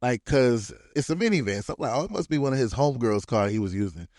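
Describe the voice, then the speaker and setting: A man's voice: mid-range voice, lively intonation, fast, darkish tone, no echo. Man, podcast host, casual storytelling, slang-heavy, laughs a lot, dry close sound.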